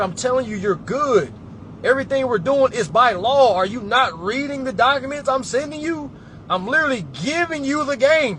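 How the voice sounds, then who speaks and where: High-voiced man giving emphatic colloquial advice. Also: a bit bright, slight background noise. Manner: emphatic, preachy, keeps checking in with listeners; colloquial, addresses audience as y'all and family. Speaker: consultant advising clients. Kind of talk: casual direct-to-camera talk.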